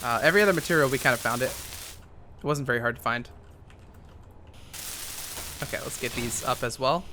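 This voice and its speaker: A man's voice: medium pitch, a little fast, background noise. A young man giving casual, rambling commentary while playing a game, thinking aloud with lots of fillers. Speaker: gaming YouTuber.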